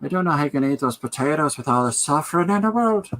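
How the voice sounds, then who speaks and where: A man's voice: on the high side, animated, fast talker, fairly bright tone, a little hiss or hum, pitched above the performer's own voice. A man doing a preachy Irish rock star.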